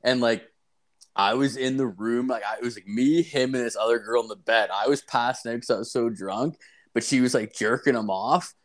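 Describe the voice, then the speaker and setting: A man's voice: medium pitch, moderate pace. Rambling young man telling crude stories. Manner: rambling storyteller, many "like"s, swears freely. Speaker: podcast co-host. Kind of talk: crude casual podcast banter.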